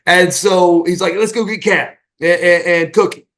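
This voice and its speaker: A middle-aged man spins backstage stories with a lot of energy, slipping into the voices of the people he quotes. His voice sits a little high for a man, and he stumbles over restarts as he talks. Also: moderate pace. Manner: animated anecdotes, acting out quoted voices, many restarts. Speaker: podcast guest, retired wrestler. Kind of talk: casual storytelling.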